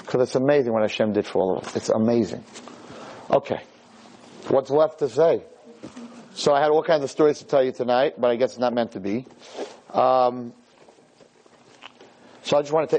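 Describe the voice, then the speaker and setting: A rabbi giving a Torah lecture to a live audience in a room. He speaks emphatically, repeats his points and swings his pitch up and down. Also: moderate pace, pauses often, darkish tone, rough recording.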